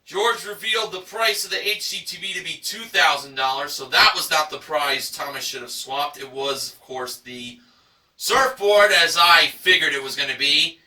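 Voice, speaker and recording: A man's voice: fairly high pitch, moderate pace, sharp tone, reverberant, distant mic, poor audio. A man recapping a game show episode in enthusiastic narration, stretching out dramatic price reveals.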